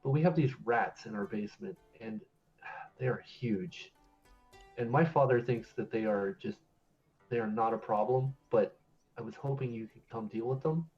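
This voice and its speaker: A man's voice: medium pitch, normal speed, muffled recording, soft background music, close to an everyday voice. Man voicing a shy young noblewoman. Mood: pleading politely. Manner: hesitant, polite, a bit flustered.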